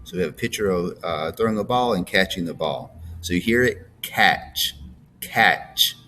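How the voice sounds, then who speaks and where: A man's voice: low-pitched, lively intonation, fast, fairly bright tone, slight background noise. A man teaching a phonics lesson to young students, patiently drilling words and checking in with "all right?".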